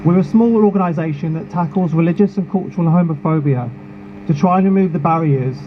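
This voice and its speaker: Earnest man giving a rally speech. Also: on the high side. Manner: earnest, measured and emotional. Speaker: charity founder speaking at a protest. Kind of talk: prepared speech at an outdoor rally. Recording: phone-like sound with clear street noise.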